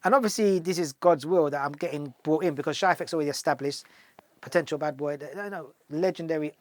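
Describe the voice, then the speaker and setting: Middle-aged man, rapid animated storytelling, slightly high voice, dry close mic. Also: dry recording. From London. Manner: animated, acts out dialogue in the stories. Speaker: guest musician. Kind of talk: casual storytelling interview.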